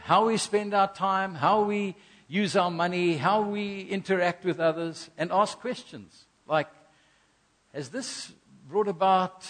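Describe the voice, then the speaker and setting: A middle-aged man from South Africa preaching a sermon, earnest, repeating key phrases and acting out little asides. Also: sits high. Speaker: pastor.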